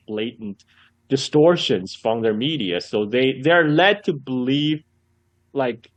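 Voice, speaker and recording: A man as a guest on a casual podcast conversation, telling stories in an animated way, laughing often and repeating his words as he goes. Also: medium pitch, dry recording. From China. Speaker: guest commentator.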